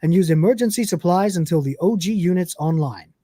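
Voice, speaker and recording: A man's voice: high voice, expressive, fairly quick, mellow, dry recording. Brief: man reading as a formal servant android, dry close sound. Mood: earnest.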